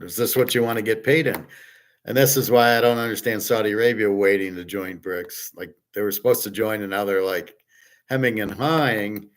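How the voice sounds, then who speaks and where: Blunt, profane man ranting. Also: fairly low pitch. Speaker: host. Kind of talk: casual monologue.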